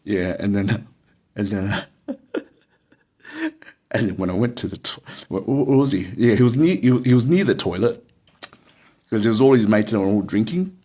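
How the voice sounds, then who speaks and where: A man's voice: fairly low pitch, lively intonation, moderate pace, long pauses, dark tone, husky. An Australian man telling a casual, rambling anecdote full of fillers and bursts of laughter. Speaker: storyteller.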